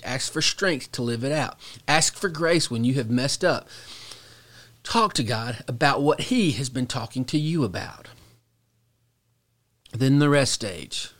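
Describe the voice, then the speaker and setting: An earnest middle-aged man teaches on a devotional podcast, his voice sitting in an ordinary middle register. He talks slowly and reflectively, with long pauses. At key moments he sinks to a soft hush. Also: medium pitch. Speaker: pastor.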